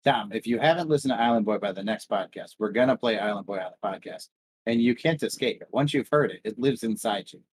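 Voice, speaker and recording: Husky crude-joking man podcaster. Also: lowish voice, fast talker. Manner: crude, sarcastic, jokey. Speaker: podcast co-host. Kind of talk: casual chat.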